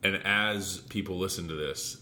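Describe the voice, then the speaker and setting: A man's voice: deep voice, moderate pace, bright, forceful tone, a little hiss or hum. A man co-hosting a casual podcast, rugged-sounding, with dry, goofy humor. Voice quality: bearded, rugged. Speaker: podcast co-host.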